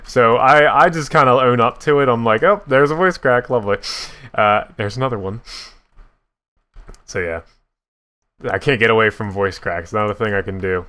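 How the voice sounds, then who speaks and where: Young man, deep voice, casual gaming commentary, self-mocking, chatty. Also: normal speed, pauses often, pushed and bright. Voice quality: deep voice prone to voice cracks. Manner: chatty, self-mocking, laughs at his own slips. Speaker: gaming YouTuber. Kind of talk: casual Minecraft building commentary.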